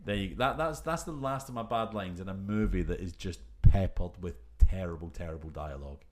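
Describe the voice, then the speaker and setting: A man's voice: sits low, brisk. A man co-hosting a podcast in casual chat, playful and teasing. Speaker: podcast co-host.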